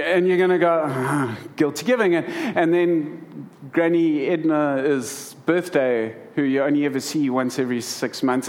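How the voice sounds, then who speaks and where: A man's voice: on the high side, a little mellow. A middle-aged man preaching to a congregation, telling humorous stories about family life. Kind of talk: sermon.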